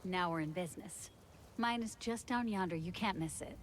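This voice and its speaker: A shrewd, folksy prospector woman drawls out a deal, as an actress plays her. Her voice sits a little low. Faint noise hangs behind her. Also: moderate pace, close to an everyday voice. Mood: sly.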